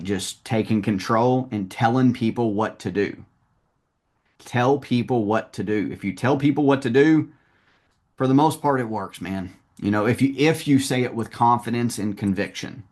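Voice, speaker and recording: A man coaching a salesperson one-on-one, talking in a confident, direct way. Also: fairly low pitch.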